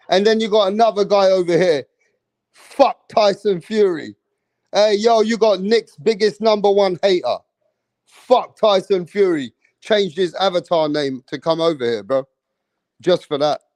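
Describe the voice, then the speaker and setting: A man's voice: high-pitched, moderate pace, a little mellow, dry recording. A man hosting a casual live stream, chatting with viewers in hyped, profane, slangy banter.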